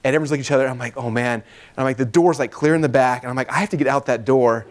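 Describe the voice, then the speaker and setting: A man speaking at a training session, telling stories casually and animatedly, with lots of "like" and quoting himself. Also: mid-range voice. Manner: fast and animated, full of "like" and self-quoting. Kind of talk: casual storytelling talk to a live audience.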